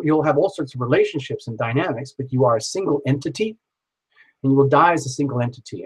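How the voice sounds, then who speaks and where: On a live tarot stream, a male host with a husky, mid-pitched voice speaks softly, repeating gentle, reassuring affirmations and calling viewers by name. The audio quality is poor.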